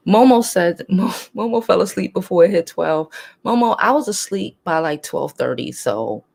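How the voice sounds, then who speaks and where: A chatty woman hosts a casual livestream and answers her viewers as she goes. Her voice sits fairly low, and she speaks bluntly, laughs easily and swears without pausing. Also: animated, creaky, darkish tone. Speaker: host.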